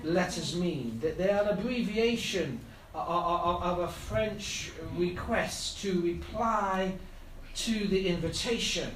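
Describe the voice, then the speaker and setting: High-voiced man preaching in an echoey hall. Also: fairly bright tone, a little hiss or hum. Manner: slow, building to fervent appeals. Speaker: pastor. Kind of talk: sermon. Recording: echoey hall, heard from a distance.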